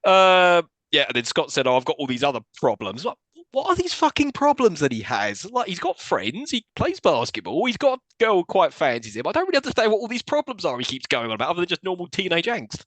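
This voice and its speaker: A man on a podcast rattles through a film plot at speed, his pitch jumping around as he mimics the characters. His tone is sarcastic and playful. The sound is dry and close, with no room around it. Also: quick pace, no echo. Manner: animated, sarcastic storytelling with voiced quotes. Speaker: podcast co-host. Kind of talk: casual film-recap chat.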